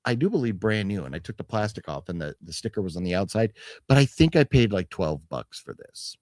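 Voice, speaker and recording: A man's voice: on the low side, very animated, brisk, darkish tone, dry recording, clean studio sound. A man co-hosting a casual show about a movie haul, rambling with restarts, swearing freely and reading product blurbs aloud. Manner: restarts sentences, hedging fillers. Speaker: co-host of a physical media haul show. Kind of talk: casual chat.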